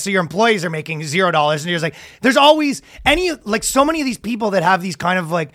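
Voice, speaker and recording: A man's voice: high voice, animated, fast talker, hardly any pauses, pushed and bright, no room sound, clean studio sound. A man co-hosting a podcast in loose, rambling casual chat, swearing and laughing easily. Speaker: podcast co-host.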